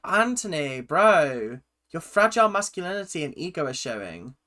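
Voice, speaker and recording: Young woman, reaction host, animated pitch and talkative. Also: moderate pace, a crowd in the background. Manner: chatty and opinionated, with frequent laughs. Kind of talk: casual reaction commentary.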